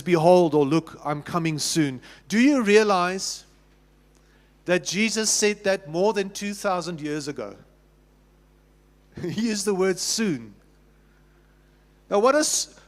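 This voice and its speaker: Pastor, South African man, high voice, chatty sermon delivery, church hall reverb. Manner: conversational preaching with repeated restarts and questions to the congregation. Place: church sanctuary.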